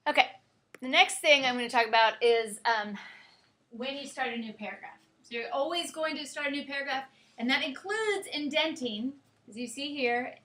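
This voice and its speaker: A woman's voice: sits high, normal speed, pushed and bright. A woman teacher giving a grammar lecture in a classroom, explaining step by step and checking in with her students. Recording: echoey classroom.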